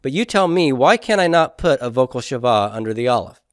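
A male teacher lecturing to a class at a board, asking questions and sounding out forms syllable by syllable. His voice sits at an ordinary middle pitch. The room sound is dry and close. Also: big pitch swings, no room sound. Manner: patient, quizzing students with questions and repeating forms slowly. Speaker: Hebrew grammar teacher.

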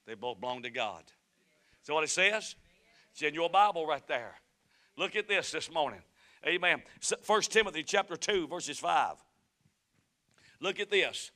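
Southern preacher, bright ringing voice. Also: male voice, a little high, animated, moderate pace, long pauses. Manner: swings between shouted fervent preaching and quiet storytelling. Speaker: pastor. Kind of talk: sermon. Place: church sanctuary.

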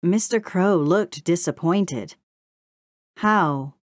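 A woman narrating a children's storybook in a steady, gentle read-aloud manner. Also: fairly low pitch, unhurried, dry recording, clean studio sound. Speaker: audiobook narrator.

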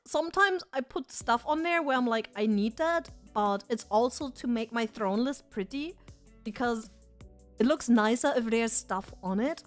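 A woman with a high, light voice chats loosely with her live audience. She is excitable and drops swear words freely, and soft music plays faintly underneath. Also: normal speed. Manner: chatty and excitable, swears casually. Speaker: streamer. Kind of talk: casual live-stream chat with viewers.

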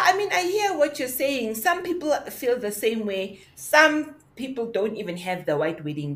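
A woman with a South African accent playing a proud, nostalgic young man turned into a dog, talking lively with township slang. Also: fairly high pitch, slight background noise. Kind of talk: audio drama acting.

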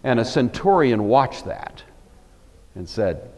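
A man's voice: mid-range voice, slow. Guy teaching a bible class, voice swings up and down a lot, hall echo behind him. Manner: animated, emphatic storytelling. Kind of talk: Bible lecture.

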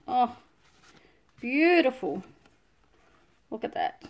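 A woman's voice: mid-range voice, measured pace, pauses often, background noise. A woman with an Australian accent, chatting casually as she unboxes scrapbooking supplies, full of delighted exclamations. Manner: gushing, breathy exclamations of delight. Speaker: scrapbooking vlogger.

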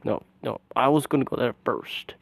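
A man giving casual, excitable commentary over his own gameplay, with frequent exclamations and groans, sometimes dropping to a soft mutter. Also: mid-range voice, moderate pace, creaky, a little hiss or hum.

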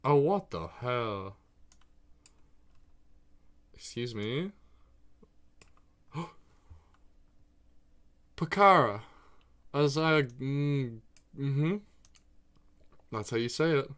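A man streaming live, chatting casually and excitably to himself and his viewers while he plays a geography guessing game, swearing freely. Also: mid-range voice, drawn-out words, pauses often.

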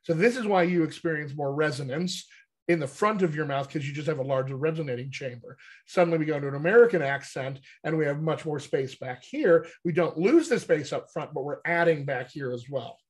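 A man's voice: on the high side, a little fast. Man explaining as a dialect coach. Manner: teacherly, checks in with frequent "right?". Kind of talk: explanatory interview talk.

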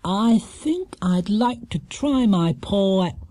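A man's voice: sits high, lively intonation, slow pace, warm tone, dry recording, pitched above the performer's own voice, heavily acted. A man voicing a polite, earnest young male bear in a storybook reading.

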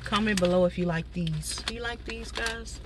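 A woman with a medium-pitched voice chats casually with her viewers from a parked car in a mukbang-style talk, speaking at a moderate pace. She is a bit stuffy from a cold, addresses the audience directly with frequent asides, and the recording is very noisy.

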